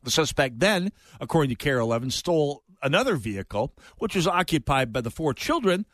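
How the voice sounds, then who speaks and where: A man's voice: on the high side, sing-song, fairly quick, fairly bright tone, no echo. A middle-aged man hosting an opinion talk radio show, talking in a digressive way with sarcastic asides.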